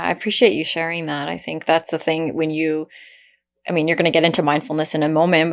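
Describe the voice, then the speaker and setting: Empathetic woman podcast host. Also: low-pitched. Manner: warm and empathetic, gets emotional. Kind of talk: podcast interview.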